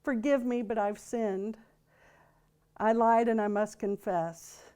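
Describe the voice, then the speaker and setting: A woman's voice: a little high, fairly even intonation, takes it slowly, mellow, clear, resonant tone. A woman voicing an earnest, nervous male cab driver in a joke she tells.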